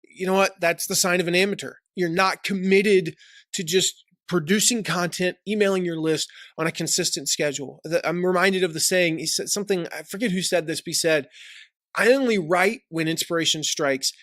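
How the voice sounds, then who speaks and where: Energetic man giving business tips. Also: high voice, no echo, clean studio sound. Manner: energetic, jokey, mimics people with quick repetitions. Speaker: online business coach. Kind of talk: direct-to-camera tips video.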